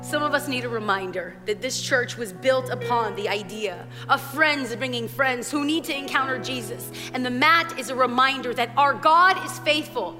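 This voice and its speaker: A woman preaching a sermon in a church, animated and acting out voices as she tells the story. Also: sits high, moderate pace, hardly any pauses. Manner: animated, acts out voices in quotes. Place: church sanctuary. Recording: long hall reverb. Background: soft worship music.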